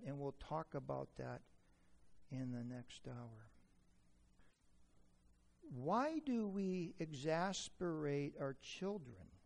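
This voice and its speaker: A man's voice: a little high, creaky, a little mellow. A man preaching a sermon to an audience, humorous and asking them questions. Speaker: preacher teaching on parenting. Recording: echoey hall reverb.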